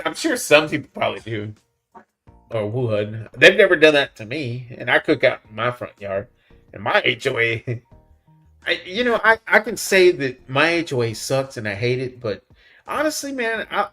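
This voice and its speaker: A man hosts a casual livestream, reading the chat in a laid-back way, chuckling often and calling people "man" and "buddy." His medium-pitched voice is sing-song, bright and forceful, at a moderate pace, with soft music in the background.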